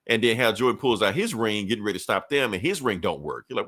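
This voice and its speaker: A man with a fairly low voice loosely recounting a comic book plot on a podcast. He talks casually, drops in the characters' lines as quick asides, and swears freely. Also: lively intonation, a bit bright. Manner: frequent profanity and fillers. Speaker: podcast host.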